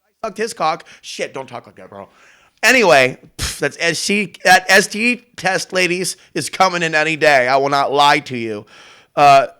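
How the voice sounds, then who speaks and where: Host: brash, profane man, high and very lively voice, rambling solo show. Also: moderate pace, smooth. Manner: brash, profane, jumps between topics. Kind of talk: rambling casual monologue.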